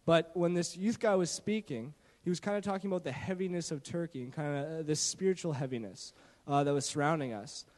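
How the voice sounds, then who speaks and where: A high-pitched man from Canada telling a story at a church gathering, animated and full of "uh" and "kinda" as he restarts his sentences. His handheld mic rings through a hall with a long, trailing reverb. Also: fairly quick. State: shaky from not eating. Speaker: church youth leader sharing a mission trip story. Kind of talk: church testimony talk. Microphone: handheld microphone.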